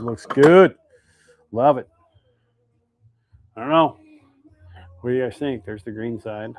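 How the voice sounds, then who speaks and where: A man's voice: medium pitch, phone-quality sound. A man hosting a casual live stream while making fishing baits, chatting and reading viewer comments aloud. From Idaho, United States.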